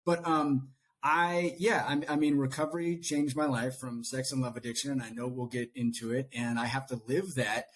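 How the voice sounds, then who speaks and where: A man who is a coach, a podcast guest, speaking earnestly and reflectively in casual conversation, often animated. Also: medium pitch, normal speed, hardly any pauses, a little hiss or hum.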